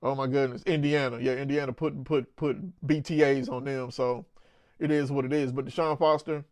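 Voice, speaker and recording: A man's voice: mid-range voice, fairly even intonation, moderate pace, a little mellow, no echo. A man hosting his own sports show, giving blunt, opinionated casual commentary with conversational asides.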